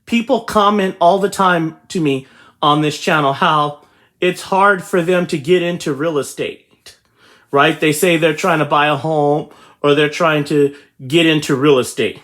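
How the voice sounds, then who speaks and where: A man's voice: on the high side, a little slow, fairly bright tone. A man hosting a real estate channel, giving a motivational talk to his viewers and repeating his points emphatically. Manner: repetitive, emphatic, addresses viewers directly.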